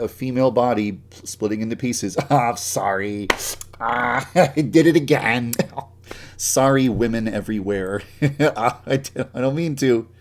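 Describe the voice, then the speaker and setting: A man with a medium-pitched, somewhat dark voice livestreams his game development work. He rants and grumbles to himself, swears constantly, and pokes fun at himself, laughing at his own jokes as he goes.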